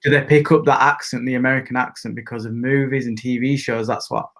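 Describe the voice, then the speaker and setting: A man's voice: mid-range voice, fairly even intonation, fast talker, fairly bright tone. Tentative man thinking aloud. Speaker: podcast co-host. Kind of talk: casual chat.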